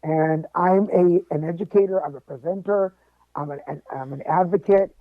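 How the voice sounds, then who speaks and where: A man telling a personal story as a podcast guest, animated and joking along the way. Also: sits high, normal speed, no echo. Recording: tinny phone-like line, dry.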